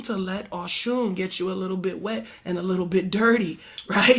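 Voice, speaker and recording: A woman from Harlem leading a prayer service, preaching in a rhythmic call-and-response style with repeated exhortations, chanted prayers and song, her voice slightly hoarse. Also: mid-range voice. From Harlem, New York.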